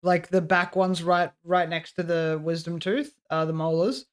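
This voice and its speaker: A man's voice: on the high side, fairly even intonation, normal speed, clear, resonant tone. A man in casual stream chat, joking and swearing freely. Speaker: streamer guest.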